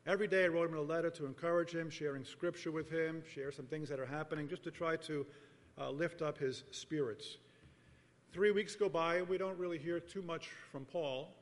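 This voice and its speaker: A middle-aged man preaching a sermon as pastor, telling a personal story in an earnest, measured way and often repeating phrases. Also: on the high side, fairly even intonation. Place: church sanctuary. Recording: long reverb of a large hall.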